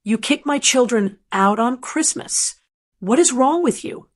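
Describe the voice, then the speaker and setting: A woman's voice: on the high side, expressive, measured pace. A woman voicing a furious grown son who sputters and stammers accusations at his mother in a narrated story. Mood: angry accusing. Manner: angry, stammering.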